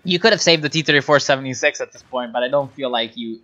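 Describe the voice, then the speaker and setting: A game caster talking through a strategy game replay, explaining mechanics and then breaking into exasperated shouting at the players. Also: mid-range voice, fast talker, highs cut off.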